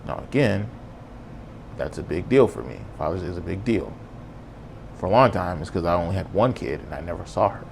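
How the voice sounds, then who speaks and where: A man's voice: deep voice, expressive, a little fast, creaky, long pauses, a little hiss or hum. A man hosting a podcast, talking on his own in an earnest, casual and reflective way. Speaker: podcast host. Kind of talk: solo podcast monologue.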